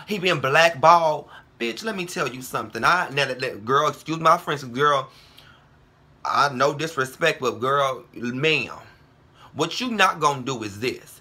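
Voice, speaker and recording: Brash man ranting profanely, bright voice. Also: fairly high pitch, animated, a little fast, breathy edge. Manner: brash, heated, profane, calls viewers girl and ho. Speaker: vlogger. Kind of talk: profane casual vlog rant.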